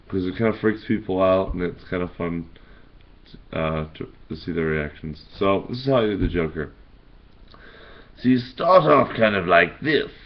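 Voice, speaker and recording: A man's voice: deep voice, dull audio. A man hosting his video channel, talking through a casual tutorial in a rambling, hesitant way with lots of fillers and restarts.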